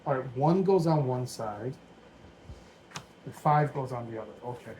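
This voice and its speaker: Man in his forties, relaxed build-along vlogger, chatty and meandering, average-pitched voice, dim room at home. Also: moderate pace, slight background noise, poor audio. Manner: rambling, thinking aloud, easygoing. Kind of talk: casual build commentary.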